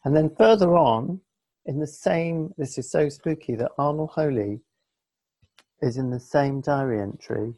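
A man co-hosting a podcast in casual chat, teasing his partner in a dry, deadpan way. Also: on the high side, a little slow, no echo. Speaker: podcast co-host and editor.

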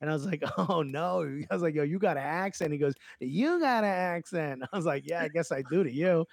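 New comedian guy riffing on a podcast, kinda high voice, dry close mic, laughs a lot. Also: quick pace, gravelly, no echo. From New York. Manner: animated storyteller, acts out dialogue, laughs often. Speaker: comedian guest. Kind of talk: casual podcast chat.

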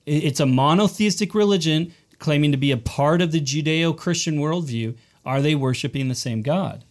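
Explaining man, slightly high voice. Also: normal speed. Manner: explanatory, repeats words at starts. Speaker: sermon series teacher. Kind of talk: conversational teaching in a panel.

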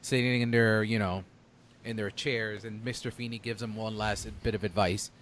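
A young man hosting a casual chat, telling things in an earnest, animated way. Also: on the low side, moderate pace, slight background noise.

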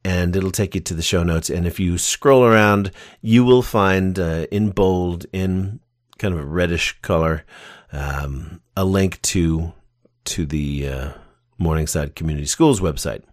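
A man with a low, deep voice hosts a podcast in relaxed conversation, rambling and enthusiastic as he talks. The sound is dry and close, with no room echo. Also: measured pace. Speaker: podcast host. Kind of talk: casual interview chat.

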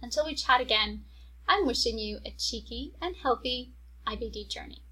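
This is a woman in her forties hosting her own podcast, with a voice that sits a little high. She speaks to her listeners in a heartfelt, encouraging tone. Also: moderate pace, bright, forceful tone, breathy edge, poor audio. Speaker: podcast host. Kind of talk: solo podcast monologue.

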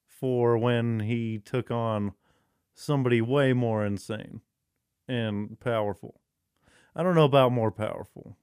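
Man with a smooth, dry voice. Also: mid-range voice, dry recording. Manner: rambling, profane, excitable. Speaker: podcast co-host. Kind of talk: casual chat.

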